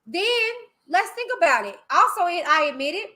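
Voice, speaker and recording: A woman's voice: very high-pitched, sing-song, normal speed, pushed and bright. A woman hosting a live stream, talking bluntly and animatedly in casual commentary. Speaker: livestream host.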